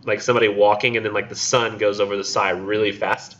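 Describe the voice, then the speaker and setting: Bright-voiced casual male instructor. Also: fairly low pitch, level tone, quick pace. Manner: casual and chatty, heavy use of "like". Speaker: college literature instructor. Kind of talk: classroom lecture with poetry reading. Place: classroom. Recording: dull lo-fi classroom recording.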